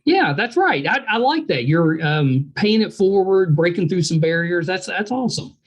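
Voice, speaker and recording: A man's voice: high-pitched, lively intonation, normal speed, muffled recording. A man from West Virginia with a thick West Virginia accent, hosting a podcast and chatting casually with his guest. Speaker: podcast host. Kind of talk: casual interview chat.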